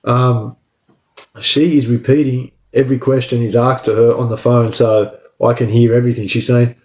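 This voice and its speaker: A man's voice: medium pitch, normal speed. A man telling a story from his own life, casual and profane, tagging lines with "bro" and "right?". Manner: profane, animated, says "bro" and "right?" constantly. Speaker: storyteller recounting his prison escape. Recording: roomy echo.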